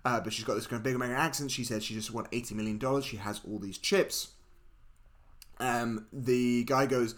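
A man co-hosting a podcast, chatting about a film in a relaxed, teasing way and chiming in often. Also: mid-range voice. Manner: relaxed and teasing, quick to interject. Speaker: podcast co-host. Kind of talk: casual film review chat.

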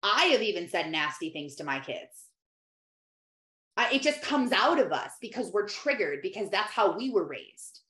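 A woman in her thirties talks straight to other mothers about faith, earnest and conversational. Her voice sits at an ordinary middle pitch. The room around her rings with a noticeable echo. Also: big pitch swings, moderate pace, a bit bright. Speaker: host. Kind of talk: faith-based talk to mothers. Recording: echoey room.

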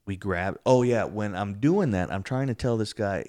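A man casually telling an excited story about a paranormal investigation, acting out what was said. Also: normal speed, dry recording, studio quality. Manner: excitable, acts out quotes, rising pitch when telling.

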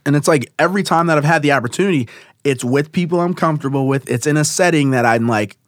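A man's voice: a little high, fast, no echo. Man, casual rambling chat, filler-heavy, dry close sound. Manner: rambling, lots of fillers and laughs.

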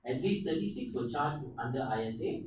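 A man's voice: medium pitch, a little fast, slight background noise. Malaysian man telling a story, roomy and distant. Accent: Malaysian English. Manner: animated storyteller, slips into silly voices. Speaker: podcast co-host. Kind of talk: casual chat, retelling history.

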